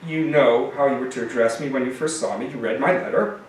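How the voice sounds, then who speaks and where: A man voicing a grim, leather-clad adult man who talks in a high, effeminate, mean way. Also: fairly quick, heavy reverb, distant mic, a little hiss or hum, lightly acted, low-quality recording. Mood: mean prissy. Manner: prissy, stern and commanding.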